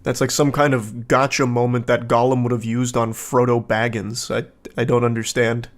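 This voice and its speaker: A man's voice: medium pitch, flat delivery, moderate pace. A man giving casual video commentary in a dry, sarcastic manner.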